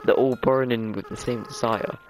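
A gentle young goat monster prince from a video game, as a man reads his lines aloud. He speaks softly and haltingly, choked up, at an ordinary middle pitch. Game music plays clearly behind him. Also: fairly even intonation, close to an everyday voice, rough recording. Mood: solemn. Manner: soft, halting, choked-up delivery. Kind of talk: voicing game dialogue aloud.

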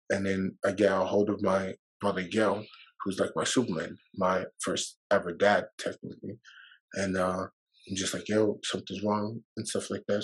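Heard through a low-quality recording, the man's voice sits on the low side with a breathy edge. Appearing as a podcast guest, he shares a personal story in a rambling way, swearing and using fillers, emotional enough to be near tears at times.

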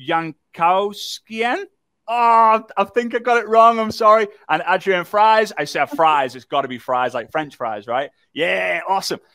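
A man presenting a live online workshop, telling a story in a lively, jokey way and talking to the chat. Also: a little high, smooth, no echo. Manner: animated, jokey storyteller who talks to the chat.

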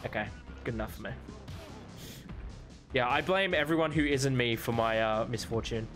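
A man casually chatting with friends while playing a co-op zombie game, excitable and jokey, yelping when things go wrong. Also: moderate pace, soft background music. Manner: excitable, yelps high when in danger; laughs often, jokey. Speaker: gamer streaming co-op with friends. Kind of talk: casual gaming chat.

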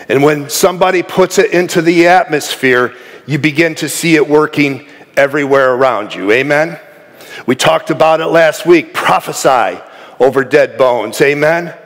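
A man preaching a sermon as pastor, often calling out "Amen?" to the congregation and building to raised, fervent passages. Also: on the high side. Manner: call-and-response, asks "Amen?" often. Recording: long hall reverb.

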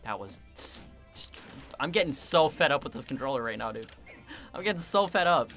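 A man giving casual gameplay commentary, excitable and self-mocking, quick to vent his frustration. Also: mid-range voice, gravelly, soft background music. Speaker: gaming video creator.

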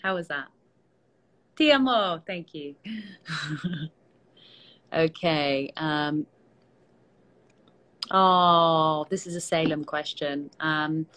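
A tired British woman, an actress, chatting casually with fans on a live stream, relaxed and self-deprecating, with many fillers, speaking into a phone held at arm's length. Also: low voice, drawn-out words, long pauses, low-quality recording. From Britain. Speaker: actress hosting a fan Q&A.

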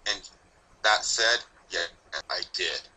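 A man's voice: sits low, slow pace, sharp tone, heavily acted, poor audio. A man voicing a grumpy, ancient male Grim Reaper pony, speaking bluntly with dry sarcasm in a fan story reading. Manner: blunt, snappish, dryly sardonic.

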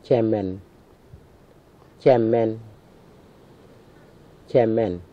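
Slow deliberate man on tinny field tape. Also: lowish voice. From Wadeye area, Northern Territory, Australia. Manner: says each word three times, slow and deliberate. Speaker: language speaker repeating words. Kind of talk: slow careful word repetition for recording.

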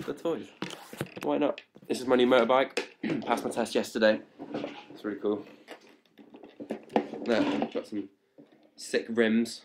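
A man's voice: medium pitch, fairly even intonation, moderate pace, long pauses, noisy background. Hyper, playful young man on a webcam. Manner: hyper and playful, gets louder as it goes on. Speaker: livestream host answering fan questions. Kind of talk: casual live webcam chat. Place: indoors at home. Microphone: laptop webcam mic.

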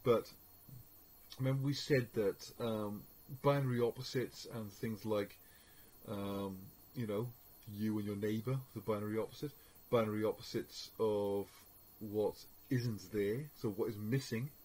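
Husky-voiced man teaching media studies. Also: lowish voice, fairly even intonation, measured pace, a little mellow, low-quality recording. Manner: informal, hesitant, many fillers. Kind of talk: recorded lecture.

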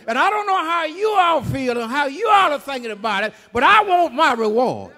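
A man preaching a funeral sermon in a church, calling out to the congregation and rising to shouts. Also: very high-pitched, big pitch swings, brisk, few pauses. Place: large church sanctuary. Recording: echoey church hall.

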